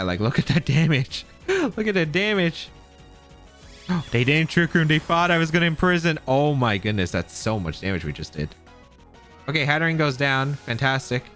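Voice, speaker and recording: A man narrates his competitive match as it happens, weighing each move aloud and doubting his choices. His voice is bright and lively, swinging up and down in pitch. Faint music plays underneath. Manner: thinks aloud, second-guessing plays. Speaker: competitive game player. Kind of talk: live gameplay commentary.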